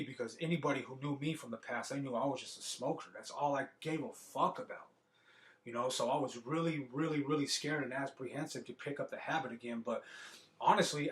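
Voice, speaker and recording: A man talking loosely into a podcast mic, swearing freely and doubling back on his words as he gets animated. His voice sits at an ordinary pitch for a man. The room has a noticeable roomy echo. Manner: profane, animated street talk with repeated words. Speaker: podcast host. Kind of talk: casual monologue.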